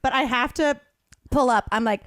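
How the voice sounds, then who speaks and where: High-voiced woman telling a wild story. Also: normal speed. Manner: animated, acts out her own panicked quotes. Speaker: podcast co-host. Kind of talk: comedic storytelling chat.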